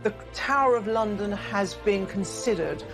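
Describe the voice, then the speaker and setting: A woman's voice: medium pitch, a little slow. A woman speaking enthusiastically and vividly in a documentary interview. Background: music.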